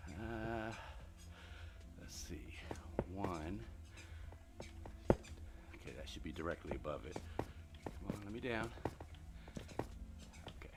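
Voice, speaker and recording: A middle-aged man streaming a building game live while walking on a treadmill, out of breath, muttering counts to himself between loud chatty asides to his viewers. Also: deep voice, expressive, slow pace, pauses often, very noisy. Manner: mutters block counts under his breath, then chats loudly to viewers. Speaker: gaming streamer.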